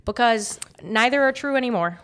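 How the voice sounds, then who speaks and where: A woman's voice: on the high side, expressive, normal speed, a bit bright. A woman co-hosting a podcast in casual, chatty conversation, sarcastic and acting out little quotes. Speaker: podcast co-host. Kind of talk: casual chat.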